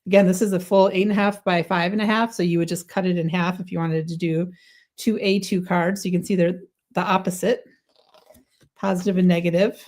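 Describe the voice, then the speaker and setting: A woman with a slightly low voice hosts a live craft stream. She chats warmly and enthusiastically through a product demo, tripping over her words now and then and correcting herself as she goes. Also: flat delivery, a little fast. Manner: chatty, enthusiastic, stumbles and self-corrects. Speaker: craft livestream host.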